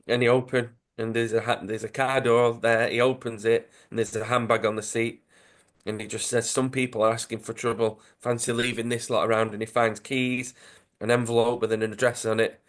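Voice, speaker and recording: A man's voice: mid-range voice, fairly bright tone. A man co-hosting a podcast, retelling a comic story in an enthusiastic, chatty way. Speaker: podcast co-host. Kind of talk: casual chat, retelling a comic.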